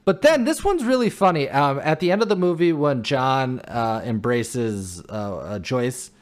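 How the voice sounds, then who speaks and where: Lively joking male podcast co-host. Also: mid-range voice, a little slow. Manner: joking, rambling, loses track of names. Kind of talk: casual chat.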